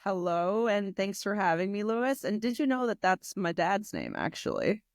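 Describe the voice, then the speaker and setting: A woman's voice: mid-range voice, very animated, normal speed, no echo, studio quality. A woman from New York City with a New York accent, a guest and English teacher chatting casually and joking now and then. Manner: playful, joking. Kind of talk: casual chat. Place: home in Rome. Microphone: video call.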